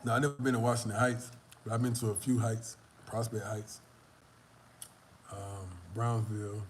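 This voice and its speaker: A man's voice: on the low side, little pitch movement, normal speed, a little hiss or hum. A young man chatting on a live stream, telling a rambling, profane story in a loose, casual way. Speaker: vlogger answering live chat.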